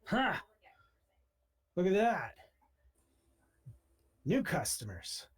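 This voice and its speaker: A man putting on a brash multi-armed mercenary gunsmith, boastful and folksy, talking plainly and bluntly. His voice sits around a middling male pitch. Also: fairly even intonation, normal speed, close to an everyday voice. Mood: delighted.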